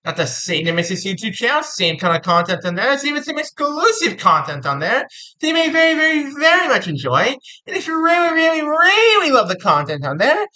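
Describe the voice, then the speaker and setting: A woman giving a casual tarot reading, animated and playful, often repeating words for emphasis. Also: sits high, fairly quick, poor audio. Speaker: tarot reader.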